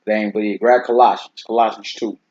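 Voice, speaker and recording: A man's voice: on the low side, flat delivery, brisk, a little mellow. A man hosting a casual Bible teaching talk, speaking in a laid-back, conversational way and often checking "you see what I'm saying?". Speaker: host teaching scripture. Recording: dull lo-fi recording.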